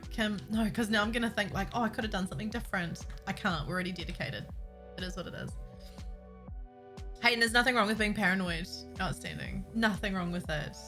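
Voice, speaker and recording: While building a game map, a woman chats casually with her stream audience, giggling and talking to herself. Her voice is medium-pitched with a sharp tone.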